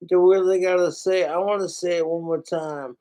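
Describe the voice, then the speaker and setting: A man's voice: high voice, fairly even intonation, brisk, warm tone. A man hosting a podcast, ranting in a casual, heated and profane way. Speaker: podcast host.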